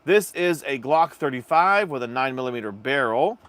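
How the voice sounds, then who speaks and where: A man's voice: mid-range voice, normal speed, no echo. A man casually hosting a livestream, chatting easily and reading viewer comments. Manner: relaxed, chatty, addresses viewers as y'all. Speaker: livestream host.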